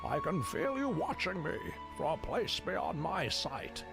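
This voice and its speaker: A man voicing a wise, elderly male storyteller from a game with a drawn-out, solemn delivery. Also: on the high side, very animated, gravelly, over music, heavily acted.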